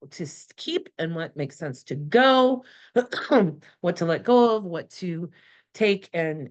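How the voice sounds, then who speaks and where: A woman's voice: lowish voice, highs cut off. A middle-aged woman talking through a tarot reading in a rambling, emotional way, with many fillers and restarts. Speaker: tarot channeler. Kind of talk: casual spoken reflection.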